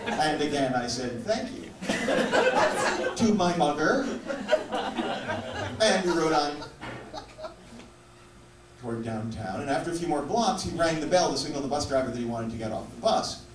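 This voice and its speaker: A man performing stand-up storytelling on a theater stage, wry and measured. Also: fairly high pitch, expressive. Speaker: stand-up comedian. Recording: echoey live theater from far off, loud noise.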